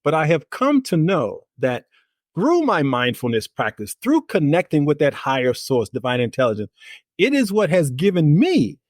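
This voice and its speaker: Emphatic middle-aged man, a bit high. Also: wildly swooping pitch, normal speed, no room sound, studio quality. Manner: emphatic, upbeat, repeats key phrases. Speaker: guest, life coach and author. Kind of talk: podcast interview.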